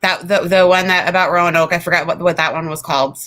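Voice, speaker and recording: A woman's voice: lowish voice, steady tone, fast talker, fairly bright tone. A woman co-hosting a podcast, chatting casually, blunt and opinionated and swearing freely. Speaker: podcast co-host. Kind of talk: casual chat.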